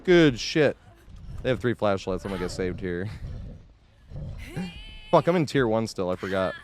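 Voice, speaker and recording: A male game streamer talking casually with his chat while he plays. His pitch swings up and down a lot, he curses freely, and he breaks into laughter between lines. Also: animated, fast, background noise. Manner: swears freely, laughs often, reacts to chat and gameplay. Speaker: live streamer.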